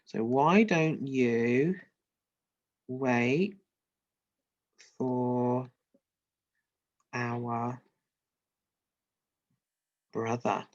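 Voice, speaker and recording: A storybook goat talks its way out of trouble with slow, careful bargaining, as a teacher puts it on. The sound is dull and lo-fi. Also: medium pitch. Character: quick-thinking middle goat.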